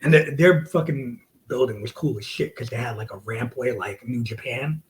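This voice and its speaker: Male wrestler, forties, from the United States: loose, profane, animated storyteller with a mid-range voice. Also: mid-range voice, moderate pace, poor audio. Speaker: wrestler guest. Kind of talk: casual storytelling interview.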